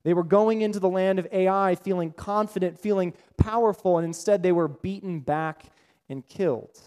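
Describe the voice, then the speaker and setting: A man's voice: high voice, normal speed, darkish tone. A man preaching a sermon, building his points through repetition and rhetorical questions. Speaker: pastor.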